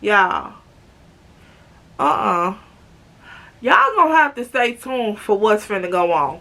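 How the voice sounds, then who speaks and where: A woman in her twenties from Chicago telling an animated, slangy storytime to her viewers. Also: a little high, unhurried, gravelly. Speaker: vlogger. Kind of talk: storytime vlog.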